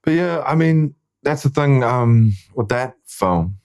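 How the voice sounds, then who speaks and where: A man's voice: mid-range voice, expressive, slow pace, darkish tone, smooth. A man who is a filmmaker and actor, chatting frankly and reflectively as a podcast guest, swearing often. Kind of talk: casual chat.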